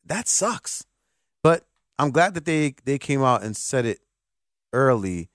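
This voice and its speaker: A man hosting a sports talk radio show, lively and joking, speaking from a radio studio. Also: mid-range voice, slow, no echo. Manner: lively, joking, does voices to mock.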